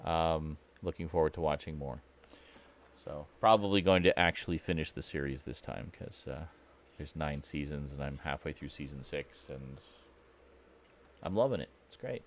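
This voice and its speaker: A man hosting a casual weekly geek chat, talking in a relaxed, rambling way with plenty of fillers. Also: a bass voice, moderate pace, slight background noise. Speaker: host.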